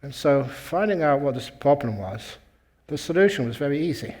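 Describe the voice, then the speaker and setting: A man's voice: a little high, lively intonation, moderate pace, darkish tone. A man who is a Buddhist monk and meditation teacher, telling a humorous story in a talk and chuckling at his own jokes.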